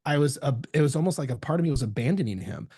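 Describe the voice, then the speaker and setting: A man as a podcast guest, telling a candid story in an animated way and swearing freely. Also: mid-range voice, very fast, breathy edge, no echo, clean studio sound. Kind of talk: candid casual conversation.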